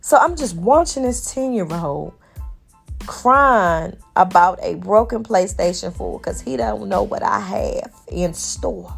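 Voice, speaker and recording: A woman in her thirties telling a personal story in a lively, preacher-like devotional talk to her viewers. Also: mid-range voice, takes it slowly, creaky, slightly rough, faint music behind. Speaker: faith vlogger.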